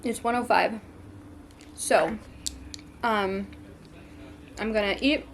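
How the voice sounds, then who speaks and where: Young woman vlogger, twenties, casual rambling chat, mid-pitched voice, faint home noise. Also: takes it slowly. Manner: chatty, frequent ums, eating while talking.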